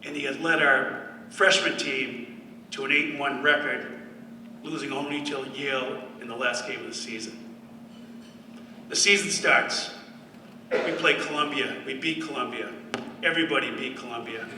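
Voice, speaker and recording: Bright-voiced man at a podium, dry storyteller, caught from across a roomy hall. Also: medium pitch, moderate pace, long pauses, slight background noise. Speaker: former football player giving a speech. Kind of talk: speech to an audience. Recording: echoey hall from far off.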